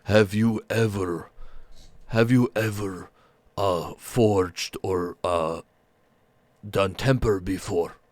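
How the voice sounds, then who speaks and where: A big, patient ogre blacksmith, as a male game master puts him on, talks at an unhurried pace in a fairly low voice. His phrases come out measured and polite, in a dry, close-sounding recording. This is a character in a tabletop game. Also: darkish tone, no echo. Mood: courteous. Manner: slow, measured and courteous. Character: huge male ogre smith, calm and methodical.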